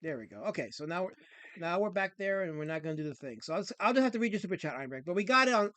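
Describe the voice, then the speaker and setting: A man hosting a casual livestream answers viewer comments with sarcastic, mock-offended rants. His voice sits high for a man, fairly bright, with lively intonation and a very fast pace. The sound is dry and close, with no echo.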